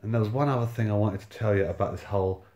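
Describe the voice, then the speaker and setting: A man's voice: fairly low pitch, racing, a little mellow, echoey room. A man in his thirties telling a personal story in a sardonic, sweary way, full of reported speech. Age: 30s. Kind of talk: casual storytelling monologue.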